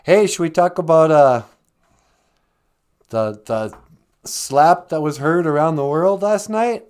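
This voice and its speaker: A man's voice: on the high side, slow, a little mellow, smooth. A man hosting a livestream show, telling stories in a rambling, joking way and laughing often. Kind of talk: casual storytelling chat.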